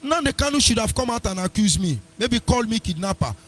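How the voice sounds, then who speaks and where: Combative radio host, husky voice. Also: male voice, sits high, very animated, brisk. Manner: combative, mocking, sing-song asides. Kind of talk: live internet radio commentary.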